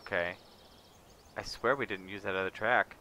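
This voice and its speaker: A man's voice: on the low side, normal speed, pushed and bright. A man streaming a farming game, muttering wry casual commentary to himself as he plays. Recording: noisy background.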